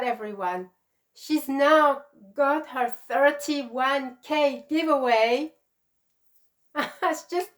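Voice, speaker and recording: A middle-aged woman hosting a crochet channel, chatting casually and gushing with emotion as she gives shout outs. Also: fairly high pitch. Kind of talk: casual vlog chat.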